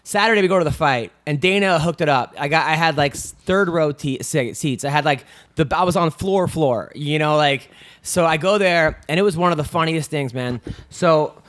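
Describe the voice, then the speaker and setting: A man's voice: fairly high pitch, normal speed, a bit bright. A man in his thirties telling long, profane stories on a podcast, rambling and restarting often. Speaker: podcast co-host. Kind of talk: casual storytelling chat.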